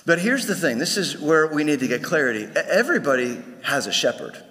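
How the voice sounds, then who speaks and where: A man's voice: on the high side, very animated, a little fast, a bit bright. A male pastor preaching a sermon to his congregation in a conversational way, often restarting his phrases. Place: church sanctuary. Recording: long hall reverb.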